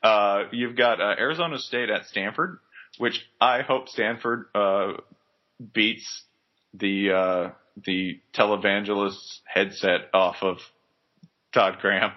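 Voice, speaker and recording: A man's voice: fairly low pitch, takes it slowly. A man hosting a podcast, chatting casually about sports in a joking, rambling way with many fillers. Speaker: podcast host. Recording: dull lo-fi podcast recording.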